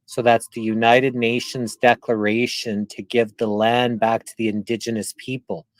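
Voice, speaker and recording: A man from Canada hosts a casual interview, asking long, rambling questions in a reflective way. His voice sits at a middling pitch and sounds dry and close. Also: little pitch movement, normal speed, no room sound. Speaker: interviewer, channel host.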